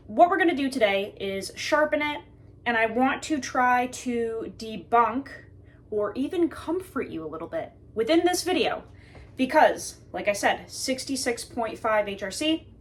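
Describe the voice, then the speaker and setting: Chatty woman talking to viewers. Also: a little high. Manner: chatty and joking, addresses viewers as guys. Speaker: knife reviewer. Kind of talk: casual chat with viewers.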